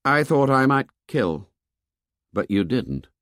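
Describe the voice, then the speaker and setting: A man voicing a hot-tempered boy hunter who talks in clipped, insistent bursts that flare into shouts. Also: mid-range voice, very animated, slow pace, no echo, clean studio sound, pitched above the performer's own voice. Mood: intense.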